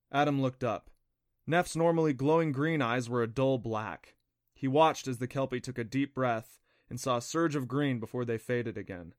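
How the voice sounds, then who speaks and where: A man reads a children's adventure audiobook in a steady, plain storytelling voice. His pitch sits in an everyday middle range. The recording is close and dry with no room sound. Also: normal speed, dry recording. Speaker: audiobook narrator. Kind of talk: audiobook narration.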